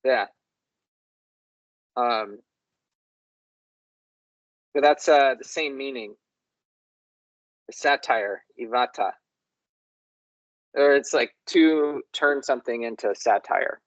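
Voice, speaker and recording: A man's voice: mid-range voice, takes it slowly, pauses often. A man co-hosting a casual language discussion, musing and repeating words aloud to try them out. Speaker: co-host. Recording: dull lo-fi dry recording.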